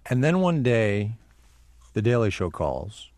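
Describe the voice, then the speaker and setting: A man's voice: on the low side, big pitch swings, slow, a little mellow, no echo. A man hosting an interview, asking casual questions and summing up his guest's story before handing it back. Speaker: interviewer, host.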